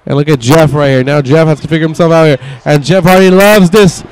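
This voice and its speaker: Young man doing smooth wrestling-game commentary. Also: fairly high pitch, steady tone, fairly quick, a little mellow, low-quality recording. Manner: casual, swearing, voicing wrestlers' thoughts in asides. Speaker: gameplay commentator. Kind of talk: mock wrestling play-by-play over a video game.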